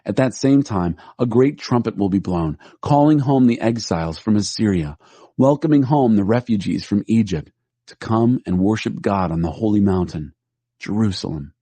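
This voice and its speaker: A man with a low, dark voice reads scripture aloud in a steady, measured way. The recording is dry and close, with no room sound. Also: dry recording.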